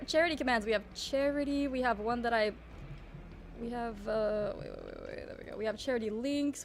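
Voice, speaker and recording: A woman's voice: high-pitched, slight background noise. A young woman streamer with a groggy morning voice, chatting in a rambling, casual way and greeting her chat. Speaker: livestreamer.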